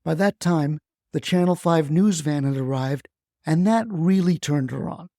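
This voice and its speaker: A man's voice: a little high, measured pace, mellow, no room sound, clean studio sound. A man narrating a comic story with wry, folksy asides.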